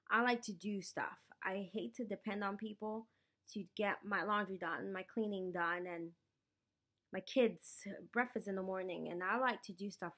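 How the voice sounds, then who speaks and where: A woman's voice: mid-range voice, a bit bright. A woman, vlogging at home after surgery, tired and sore, emotional and apologetic as she rambles. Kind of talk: casual personal vlog.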